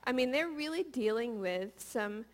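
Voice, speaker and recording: A woman's voice: a little high, lively intonation, unhurried. A woman in her thirties giving a conversational, playful sermon and often asking the audience questions. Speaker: preacher.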